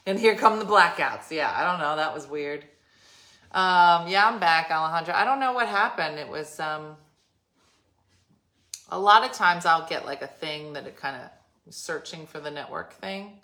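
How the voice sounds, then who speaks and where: Woman, live-stream host, low voice, chatty and rambling at home. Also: moderate pace, bright, forceful tone. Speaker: livestream host. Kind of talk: casual live-stream chat.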